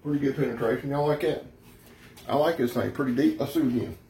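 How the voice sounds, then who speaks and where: A man's voice: medium pitch, quick pace, background noise. A man giving a rambling, folksy, brash product review, talking straight to his viewers. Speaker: knife reviewer.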